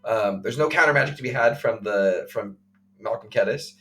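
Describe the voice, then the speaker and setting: A man co-hosting a podcast, recounting a game play by play in casual chat, full of fillers and quick acted quotes. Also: lowish voice, a bit bright. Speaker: podcast co-host.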